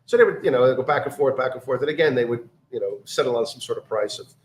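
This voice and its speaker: Guy telling a story, lots of ums and restarts, roomy echo, faint background hum. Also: medium pitch. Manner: halting, many fillers and restarts, acts out quoted voices. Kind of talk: casual storytelling chat.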